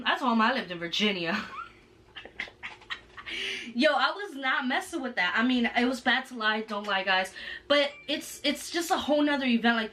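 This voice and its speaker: A woman with a high, bright, forceful voice tells a story on her vlog. She talks in an animated, slangy way. She sits a little back from the mic. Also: far from the mic, slight background noise. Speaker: vlogger. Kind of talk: casual storytime.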